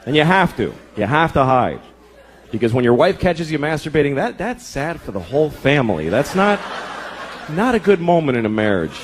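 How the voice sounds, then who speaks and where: A man in his thirties doing a stand-up comedy set, ranting profanely and deadpan, acting out voices. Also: a little high, normal speed. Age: 30s. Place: comedy club stage before a live audience. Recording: live room with crowd laughter and noise. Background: audience laughter.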